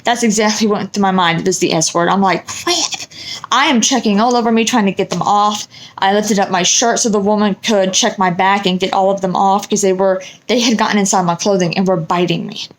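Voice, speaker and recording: A middle-aged woman vlogger telling a story in a casual, animated way, acting out what people said with exasperation. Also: medium pitch, brisk. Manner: animated, exasperated retelling with quoted dialogue.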